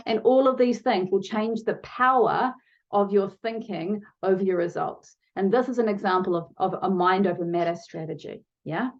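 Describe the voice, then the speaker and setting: A woman's voice: medium pitch, moderate pace, dull audio. A woman coaching viewers in a motivational video lesson, talking to them directly and shifting her pace for emphasis. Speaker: online challenge coach.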